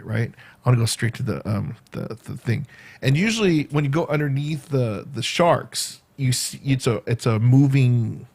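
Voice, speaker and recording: A man vlogging casually, retelling a day out in a rambling, animated way with quoted asides. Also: medium pitch. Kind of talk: casual storytelling vlog.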